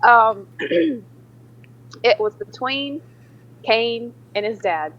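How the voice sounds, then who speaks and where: A woman's voice: fairly high pitch, very slow, fairly bright tone. A woman co-hosting a podcast, telling stories in casual chat, giggly and acting out quotes. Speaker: podcast co-host. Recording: dull lo-fi podcast audio.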